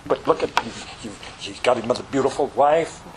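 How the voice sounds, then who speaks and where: A man's voice: mid-range voice, fairly quick, background noise, natural voice. A man preaching a sermon, voicing Satan as a sneering, scheming accuser. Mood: scornful. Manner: sneering, dismissive.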